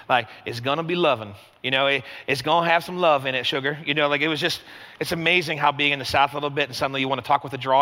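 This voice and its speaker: A man preaching a sermon as pastor, in a chatty, animated way full of fillers. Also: a little high. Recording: long hall reverb.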